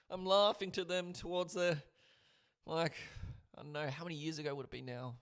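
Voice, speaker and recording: Male streamer, slightly high voice, theatrical book reading with commentary. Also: little pitch movement, normal speed, clean tone. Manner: dramatic, swinging between murmuring and loud. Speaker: livestream book reader.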